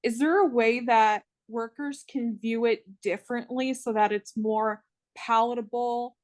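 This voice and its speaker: A woman co-hosting a casual live-stream chat, asking questions in a measured, thoughtful way. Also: on the high side, fairly even intonation, darkish tone.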